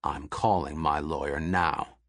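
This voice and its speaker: A man voicing an angry, blustering rich man who snarls threats and insults in a low, gruff voice. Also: steady tone, measured pace, fairly bright tone, dry recording, studio quality, full character voice.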